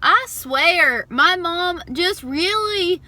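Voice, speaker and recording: A woman's voice: extremely high pitch, expressive, very slow, bright, forceful tone. A young woman, chatting bubbly and directly to her viewers in a casual vlog. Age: young adult. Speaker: vlogger.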